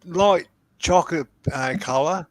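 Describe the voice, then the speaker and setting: A man with a fairly high voice tells laid-back stories in an easygoing chat. The recording is dry and close. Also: a little slow, no room sound. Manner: laid-back anecdote telling. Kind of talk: casual chat.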